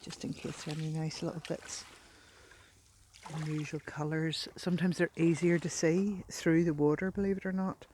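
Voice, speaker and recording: A woman narrating as she beachcombs outdoors, soft-spoken and given to delighted exclamations, sometimes dropping to a near whisper. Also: deep voice, fairly even intonation, moderate pace, slight background noise. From Northern Ireland. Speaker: beachcombing vlogger. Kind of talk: casual narration while walking.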